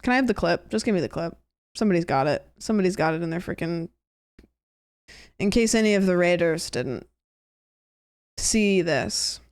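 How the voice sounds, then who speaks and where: A woman's voice: on the low side, lively intonation, moderate pace, pauses often, darkish tone, clean tone. A young adult woman streaming a horror game, joking casually and reading the game text aloud. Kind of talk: casual gameplay commentary.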